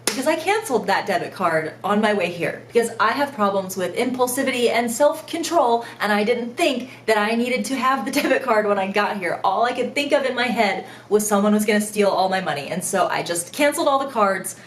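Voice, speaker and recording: A young woman, a mother and vlogger, telling a travel mishap story in an animated, self-mocking way with frequent laughter. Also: medium pitch, fairly quick, few pauses, roomy sound, slight background noise. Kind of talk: storytime vlog.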